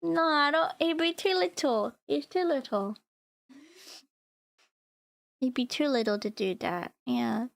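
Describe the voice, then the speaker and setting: A woman's voice: high-pitched, slow pace, vocal fry, long pauses, no echo. A woman streamer chatting casually and playfully with her viewers, often thanking them. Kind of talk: casual live-stream chat.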